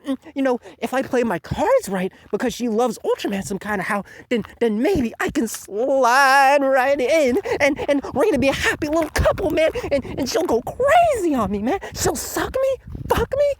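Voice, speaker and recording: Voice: sits high, big pitch swings, normal speed, few pauses, slight background noise, voice pushed up. A reviewer mockingly voicing a naive, girl-crazy teenage boy hero from a comic, whiny and giddy in manner. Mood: daydreaming.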